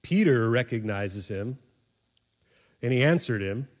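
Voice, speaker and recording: Male preacher, conversational sermon, jokey, plays out voices, medium pitch. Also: unhurried. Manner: animated, acts out voices of the disciples with sudden high squeaks; conversational, jokey, laughs at himself. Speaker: pastor.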